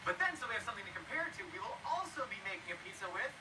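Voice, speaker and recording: A man's voice: high voice, sing-song, very fast, distant mic, heavy background noise. A man host delivering a scripted show intro in an upbeat presenter manner.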